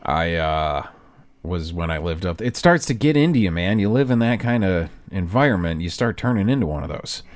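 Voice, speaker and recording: Animated storytelling man, lowish voice. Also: normal speed. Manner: animated, acts out quoted people loudly, laughs often. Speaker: podcast co-host. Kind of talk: casual storytelling chat.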